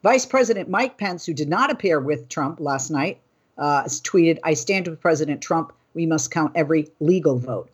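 A woman hosting a news commentary show, reading political quotes and then riffing on them in an animated, indignant way. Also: low-pitched, moderate pace, husky. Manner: animated, indignant, talking off script. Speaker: host.

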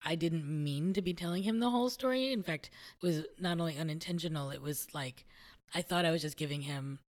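A woman in a relaxed conversation, reflectively telling a personal story and laughing easily. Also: sits low, a little fast. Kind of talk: conversational podcast chat.

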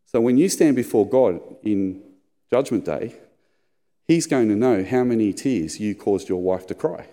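Male pastor, middle-aged, low mellow voice, storyteller, church hall reverb. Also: unhurried. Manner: storytelling, acts out squeaky high voices in anecdotes. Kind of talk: sermon.

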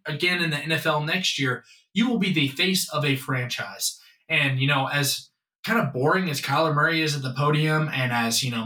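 A man's voice: a little high, sharp tone. A man co-hosting a sports podcast, emphatic and hyped, talking up his own picks. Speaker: podcast co-host. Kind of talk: casual sports chat. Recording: echoey room, mic at a distance.

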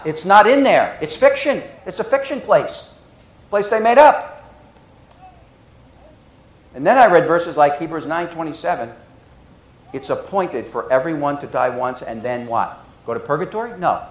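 A man preaching a sermon, telling stories with swings between hushed and loud delivery. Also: on the high side, roomy sound, low-quality recording. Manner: emotional, dramatic storytelling with swings from hushed to loud. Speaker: pastor.

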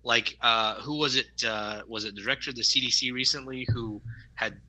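A man talks through everyday stories in loose podcast chat, often stopping to restart his sentences. His voice is very bright. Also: medium pitch, steady tone, a little fast, poor audio. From Arizona, USA. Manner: rambling, restarts, storytelling. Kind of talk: casual chat.

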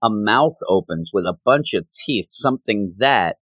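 A man casually recapping a comic book story, explaining it in an animated way and slipping into the characters' lines. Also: lowish voice, measured pace, no room sound. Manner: animated, acts out quoted lines.

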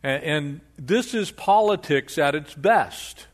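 An older man preaching an expository sermon in an animated, conversational way, often restarting his sentences. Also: on the high side, slow pace. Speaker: pastor.

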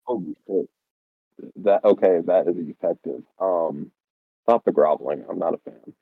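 A man's voice: low voice, normal speed, slightly rough, no room sound. A man playing a character in a tabletop game, speaking in a dry, commanding way. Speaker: player. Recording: tinny phone-like line.

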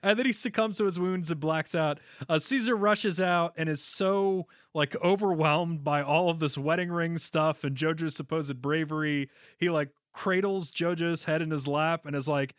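Giggly, high-voiced man recapping a show. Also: moderate pace, few pauses, no room sound, studio quality. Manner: giggly, animated. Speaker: podcast co-host. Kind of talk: casual chat recapping a show.

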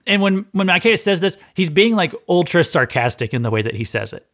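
A male podcast host with a slightly high voice teaches from scripture in a relaxed, talkative manner. He reads a passage, then breaks off to retell it in everyday words and acts out bits of the scene. He often repeats a word when he starts a new thought. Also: fairly quick, few pauses. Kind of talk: conversational Bible teaching podcast.

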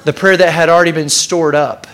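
A man preaching a casual, energetic sermon, repeating key lines and calling on the congregation to answer. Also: on the high side, brisk. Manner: casual, energetic preaching with repetition and audience call-outs. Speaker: pastor.

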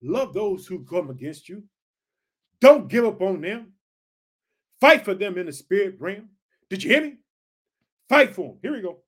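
A man with a high-sitting, very animated, husky and slightly bright voice teaches a Bible passage unhurriedly, pausing often. Fervent, he calls his listeners family and keeps asking "did you hear?" and "check it out."

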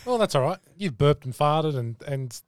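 An Australian man co-hosting a podcast in casual chat, chipping in quick, dry one-liners. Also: fairly high pitch, expressive, no room sound. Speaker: podcast co-host.

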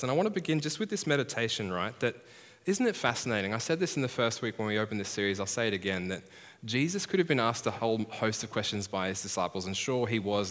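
In a large heritage church hall with long reverb, a pastor preaches a conversational, self-deprecating sermon and acts out the voices he quotes. His voice sits fairly low and has a fairly bright tone.

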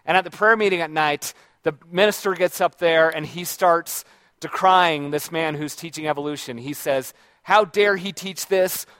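A man's voice: a little high, steady tone, moderate pace, bright, forceful tone, no echo. A man talking casually and reflectively about books he has read, rambling along with frequent restarts and self-corrections. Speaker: book reviewer. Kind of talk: casual book talk.

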